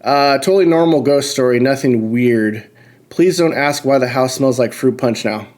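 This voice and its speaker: A man's voice: mid-range voice, moderate pace, a little mellow. A man hosting a podcast, reading a ghost story aloud in a casual, incredulous way, often swearing and stopping to comment and laugh. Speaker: podcast host.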